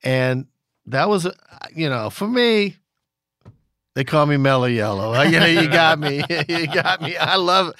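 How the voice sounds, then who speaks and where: A man's voice: fairly high pitch, animated, unhurried, bright, forceful tone, no echo, clean studio sound. A man who runs a record store, telling stories in a rambling casual chat with many restarts and chuckles. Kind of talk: casual storytelling in conversation.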